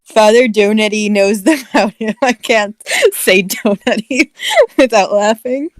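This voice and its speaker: A woman's voice: mid-range voice, a little slow, no echo. A young woman cracking snarky jokes about a book she is reading with friends, giggling. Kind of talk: mocking read-along chat.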